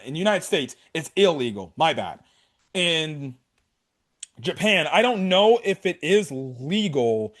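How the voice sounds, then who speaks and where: A man giving a casual anime episode review in an excited, rambling, often profane way. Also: a little high.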